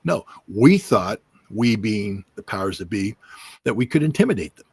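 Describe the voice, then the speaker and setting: A man's voice: lowish voice, very animated, normal speed, a little mellow, slightly rough, no echo. A middle-aged man giving emphatic political commentary on a livestream, hammering points with repetition and mocking quotes of officials.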